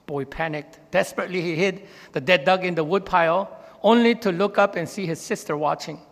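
Fairly quick and slightly bright, with vocal fry, a pastor's voice rings with long reverb in a church sanctuary. His sermon weaves in anecdotes, and he raises his pitch to voice the characters he quotes.

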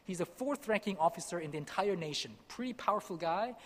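A young man from Korea telling a personal testimony as a missionary speaker, animated and acting out the dialogue. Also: high voice, fast. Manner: animated, acts out dialogue, laughs at himself. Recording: long hall reverb.

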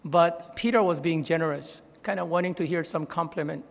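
A man's voice: fairly quick, vocal fry, long reverb tail. A man preaching a sermon in a church, telling stories and voicing the people in them. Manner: storytelling, voices quoted characters with raised pitch. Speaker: pastor. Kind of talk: sermon with anecdotes. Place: church sanctuary.

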